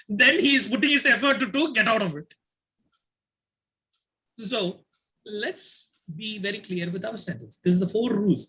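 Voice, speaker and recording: A man's voice: high voice, sharp tone, poor audio. A man teaching an online yoga class who repeats his key phrases, uses many fillers and calls on his students by name.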